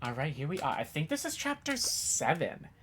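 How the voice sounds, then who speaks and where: A woman's voice: deep voice, big pitch swings, moderate pace, fairly bright tone, a little hiss or hum. A woman streaming a video game, chatting casually, self-mocking and swearing freely. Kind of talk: casual live-stream chat while gaming.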